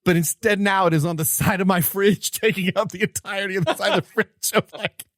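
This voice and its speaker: A man tells a story on his podcast in a fast-rising, excited way, tripping over his words and restarting often. His voice sits a bit high for a man. The sound is close and dry. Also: no echo. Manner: excited, animated telling with many restarts. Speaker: podcast co-host. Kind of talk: casual storytelling chat.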